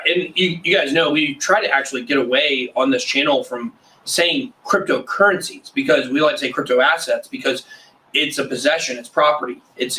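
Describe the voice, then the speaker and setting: Jokey higher-voiced man off the mic. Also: sharp tone, distant mic, low-quality recording. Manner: jokey, interrupts with puns. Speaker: host. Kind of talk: casual roundtable chat.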